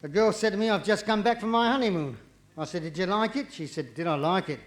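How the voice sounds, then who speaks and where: A man doing live stand-up comedy, cheeky and quick, with jokes that rise into punchlines. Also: sits high. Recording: vinyl live recording, audience laughter, distant.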